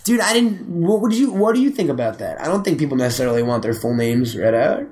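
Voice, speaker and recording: A man's voice: medium pitch, sing-song, fast, a little mellow. A man hosting a podcast, chatting casually with a crude, joking, rambling manner. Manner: profane, joking, rambling with restarts. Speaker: podcast host.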